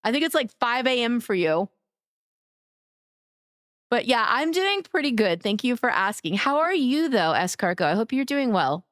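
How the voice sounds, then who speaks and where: A woman streamer chatting casually with her live chat, greeting viewers by name in an affectionate way, her voice a little raspy. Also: on the high side, sing-song, moderate pace, a bit bright, no room sound, clean studio sound. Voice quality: somewhat raspy today.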